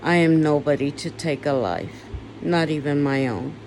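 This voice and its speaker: Woman, somewhat low voice, raw confessional talk with blunt swearing. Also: a little mellow, slight background noise. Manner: slow, weary and emotional, turning bitter with swearing. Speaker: vlogger. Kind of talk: personal confessional monologue.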